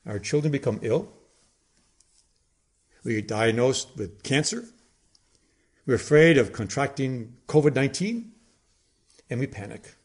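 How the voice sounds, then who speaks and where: A man preaching a sermon in a dramatic way, with emphatic pauses and sudden drops to a hush. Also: medium pitch, lively intonation, breathy edge.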